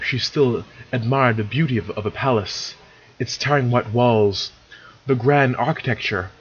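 A man's voice: mid-range voice, fairly bright tone, dull audio, a little hiss or hum. A man casually reading fan fiction aloud, stumbling over words and correcting himself as he goes. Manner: stumbling, self-correcting, chatty asides. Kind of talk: casual read-along narration.

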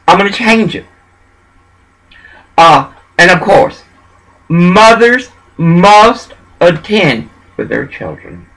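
Husky, high-voiced man. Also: sharp tone, low-quality recording. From Texas. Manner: preachy, meandering, emphatic. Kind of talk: rambling monologue.

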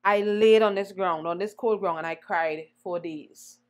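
A young woman singer, a guest in an interview, telling her story in an animated way and acting out the voices she quotes. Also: on the low side, a little slow. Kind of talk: conversational storytelling.

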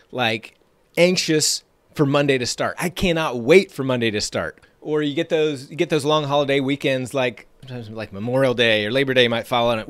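A man hosting a podcast as a trading coach, talking in an energetic, emphatic motivational monologue that repeats phrases for effect. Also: mid-range voice, no room sound.

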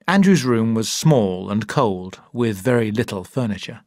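A man narrating a story slowly and clearly for English learners. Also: on the low side, lively intonation, darkish tone, dry recording, clean studio sound. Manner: clear, deliberate reading.

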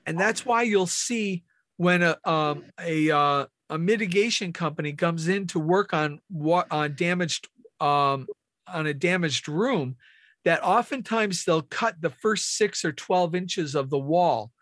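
Slow, high-voiced man explaining to a team. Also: a bit bright, no echo, clean studio sound. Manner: explains step by step, asks questions of the room. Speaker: team trainer. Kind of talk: training talk at a team meeting.

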